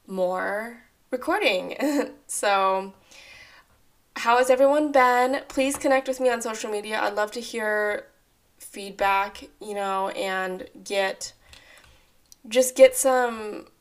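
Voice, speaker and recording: A young adult woman talks through a solo podcast episode from her apartment. Her voice is slightly hoarse and rough. She chats loosely and rambles, with plenty of fillers along the way. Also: medium pitch, a bit bright. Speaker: podcast host. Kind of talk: casual solo podcast talk. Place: apartment at home.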